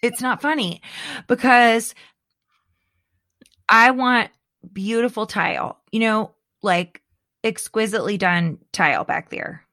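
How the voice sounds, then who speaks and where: A middle-aged woman in casual chat, animated and dramatic, laughing often. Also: a little high, takes it slowly, pauses often, no room sound, clean studio sound.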